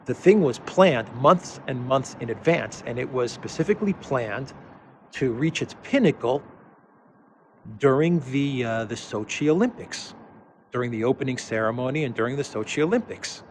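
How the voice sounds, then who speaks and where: A man's voice: mid-range voice, animated, moderate pace, a little hiss or hum. A man hosting an unscripted commentary monologue, hesitant with frequent restarts and fillers, then emphatic on his key points. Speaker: political commentary host.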